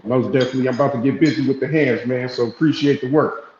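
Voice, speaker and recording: Man, guest, halting casual talk, faint background noise, roomy echo. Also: mid-range voice, darkish tone. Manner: halting, repeats words. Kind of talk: casual chat. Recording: echoey, dull call audio with faint noise.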